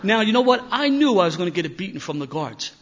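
An older man tells a story in a rough-edged, self-mocking way. His voice sits fairly high for a man, and he gets louder and livelier as the tale builds. The recording sounds dull and lo-fi. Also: very animated, fast. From Philadelphia. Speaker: speaker sharing recovery story. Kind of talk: storytelling talk to an audience.

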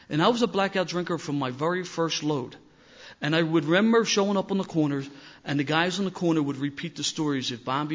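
An older man from Philadelphia tells an audience the story of his recovery, rough around the edges and poking fun at himself. His fairly high male voice rises in volume and liveliness as the tale builds, and the recording is dull and lo-fi.

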